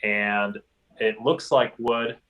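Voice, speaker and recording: A man being interviewed about his company's products, speaking easily with many pauses and restarts. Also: lowish voice, fairly even intonation, fairly bright tone. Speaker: interviewee from an instrument maker. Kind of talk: recorded interview. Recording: roomy, distant mic.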